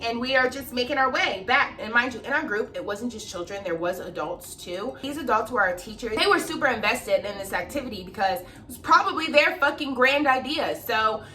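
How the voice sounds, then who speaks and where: A young woman tells a storytime in a casual, animated way, swearing freely and acting out the people she describes. Her voice is fairly high and very bright. She sits a little back from the mic. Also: brisk, hardly any pauses, distant mic. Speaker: vlogger telling a storytime.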